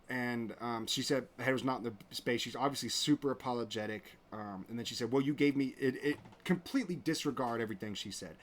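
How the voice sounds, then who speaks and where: A man's voice: medium pitch, fast talker, few pauses. A man hosting his own show, talking in a rambling, indignant way with many restarts. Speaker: show host. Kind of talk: casual commentary.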